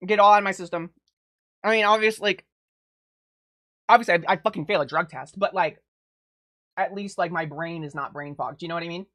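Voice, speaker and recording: A young woman chatting casually and swearing a lot while eating on a live stream, close to a desk mic, breaking into laughs and loud outbursts. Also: fairly low pitch, brisk, pauses often.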